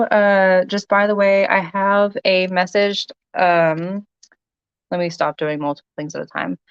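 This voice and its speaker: A woman's voice: medium pitch, clean tone, no echo, highs cut off. A woman selling jewelry on a casual livestream, chatting with viewers by name with lots of ums. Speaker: live-sale jewelry seller.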